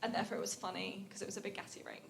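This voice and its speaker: A woman's voice: mid-range voice, flat delivery, racing, creaky, over a noisy crowd. A young woman in a live audience, answering hesitantly with fillers and giggles. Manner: giggly, hesitant with many likes. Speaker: audience member, astrophysicist. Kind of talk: audience member answering host.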